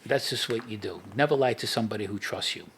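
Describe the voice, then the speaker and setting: A man's voice: fairly low pitch, fast, a bit bright, slightly rough. A middle-aged man, a podcast guest, telling street stories in a casual interview and laughing at his own anecdotes.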